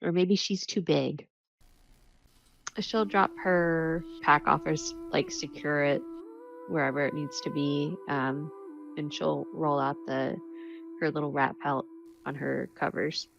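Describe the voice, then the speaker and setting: A woman's voice: low-pitched, steady tone, unhurried, creaky. A woman player describing her character's actions in a tabletop game, in hesitant, filler-heavy speech. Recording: muffled, with music.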